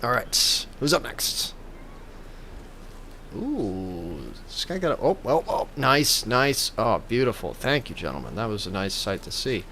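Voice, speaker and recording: Goofy guy narrating his game like a silly preacher, lowish voice but bright and punchy. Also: big pitch swings, unhurried, slight background noise. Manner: playful mock-reverent joking. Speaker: gaming YouTuber. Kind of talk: comedic gameplay commentary.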